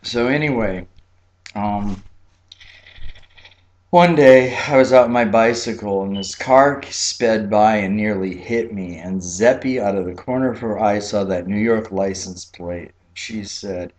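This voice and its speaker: A man from Key West, Florida telling a childhood story in a relaxed, chatty way, with frequent fillers and laughs. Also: fairly low pitch, unhurried. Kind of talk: personal storytelling.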